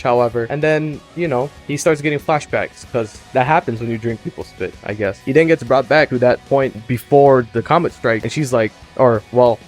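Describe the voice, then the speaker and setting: A young man casually retelling a movie plot for a student project, joking, swearing freely and jumping up in pitch when he gets excited. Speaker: student presenter.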